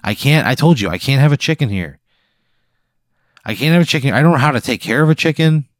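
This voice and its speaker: Man player, exasperated, swearing constantly, mid-pitched, dry close sound. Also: animated, fast talker, no room sound. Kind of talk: improvised role-play.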